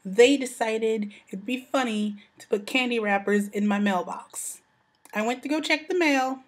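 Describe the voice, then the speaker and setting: An American woman, a young adult, chatting casually in a vlog and saying "like" and "you know" a lot. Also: mid-range voice. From United States. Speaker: vlogger.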